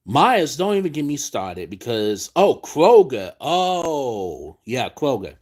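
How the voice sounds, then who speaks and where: A man's voice: high-pitched, darkish tone. A man hosting a late-night live stream, ranting in a profane, exasperated way.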